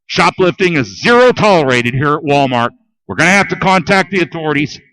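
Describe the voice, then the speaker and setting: A man's voice: on the high side, expressive, fairly quick, fairly bright tone, no room sound, poor audio. A man voicing a polite male store security guard who speaks in a stiff, formal, apologetic way.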